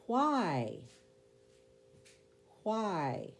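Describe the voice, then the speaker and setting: Low-voiced lady teacher, slow and patient, spells out words letter by letter. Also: lively intonation, dark tone. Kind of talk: spelling lesson.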